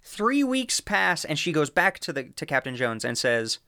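A woman co-hosting a podcast, telling a story in casual chat, animated and laughing often as she acts out quotes. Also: low voice, normal speed, no room sound, clean studio sound. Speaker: podcast co-host.

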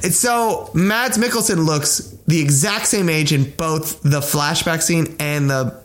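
A young man co-hosting a casual podcast chat, animated and joking, acting out silly bits in put-on voices. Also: fairly high pitch, a little slow. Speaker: podcast co-host.

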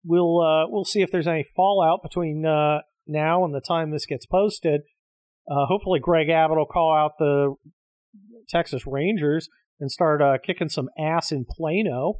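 A man's voice: a little high, fairly even intonation, normal speed, darkish tone, no echo. Profane ranting middle-aged man. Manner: profane, combative, exasperated ranting. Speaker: host of his own show. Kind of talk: solo ranting monologue.

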